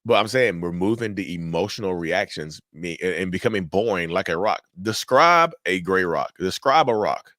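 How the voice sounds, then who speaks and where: Man, deep-ish voice, dry close sound; casual, direct advice host. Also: lively intonation, normal speed, hardly any pauses, bright, forceful tone, dry recording. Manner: direct, repetitive, addresses viewers as y'all. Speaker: mental health channel host.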